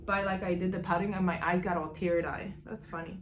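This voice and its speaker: A woman's voice: fairly low pitch, fairly even intonation, brisk. A young woman hosting a sewing tutorial, bubbly and self-teasing, talking as she works at a serger. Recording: roomy echo, faint machine noise.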